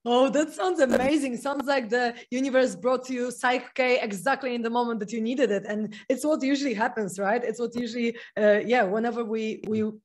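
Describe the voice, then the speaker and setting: A woman hosting an interview, telling a story in an excitable way and laughing often. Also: fairly high pitch, normal speed, few pauses. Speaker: podcast host. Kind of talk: casual interview chat.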